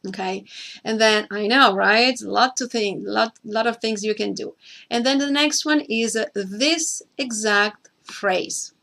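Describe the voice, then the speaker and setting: A woman's voice: a little high, normal speed, creaky, sharp tone. A woman hosting a screen-share tutorial, explaining each step carefully, repeating key points and now and then speaking to a co-host by name.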